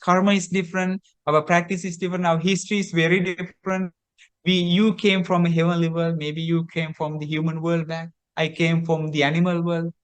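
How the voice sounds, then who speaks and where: A man, a Buddhist monk, telling a teaching story in a sermon, slow and repetitive with hesitant restarts. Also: fairly high pitch, flat delivery, clear, resonant tone.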